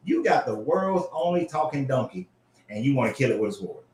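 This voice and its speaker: A man hosting a casual commentary show, reading scripture aloud and reacting in an animated, profane way. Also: medium pitch, moderate pace, roomy sound, a little hiss or hum. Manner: animated, profane, frequently laughing. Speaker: host.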